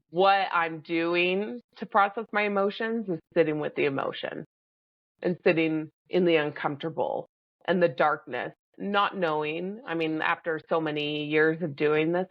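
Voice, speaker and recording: A woman co-hosting a podcast, talking in a measured, reflective way about handling emotions. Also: fairly low pitch, dry recording, highs cut off. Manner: measured and reflective, pausing to breathe. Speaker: podcast co-host. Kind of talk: casual reflective chat.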